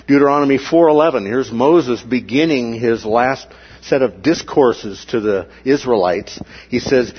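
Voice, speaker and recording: A man teaches a Bible lesson in an animated way at a measured pace, his medium-pitched voice husky and slightly breathy. He keeps checking his listeners follow by asking "okay?" The recording is dull and lo-fi, with little top end.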